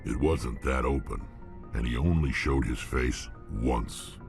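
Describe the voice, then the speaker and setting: A man's voice: slow pace, music in the background, heavily acted. An actor voicing a huge, battle-hardened male alien mercenary in game dialogue, blunt and clipped. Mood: gruff. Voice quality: deep gravelly growl. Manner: blunt, clipped, terse sentences.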